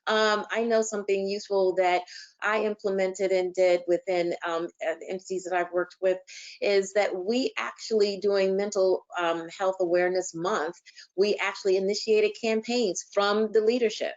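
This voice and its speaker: A woman's voice: mid-range voice, steady tone, moderate pace. A woman panelist speaking earnestly and steadily in a webinar discussion over a video call. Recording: dull lo-fi call audio.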